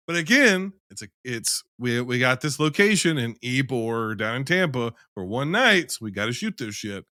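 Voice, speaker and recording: A man's voice: mid-range voice, big pitch swings, normal speed, few pauses, sharp tone, dry recording, studio quality. A man in a casual film-review chat, rambling and emphatic, who swears freely.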